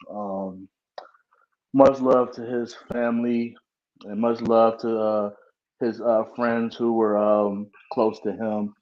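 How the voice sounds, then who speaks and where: A man from Cincinnati, Ohio, co-hosting a podcast, talking in a relaxed way with many ums and uhs. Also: mid-range voice. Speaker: podcast co-host. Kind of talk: casual podcast chat. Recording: muffled lo-fi mic.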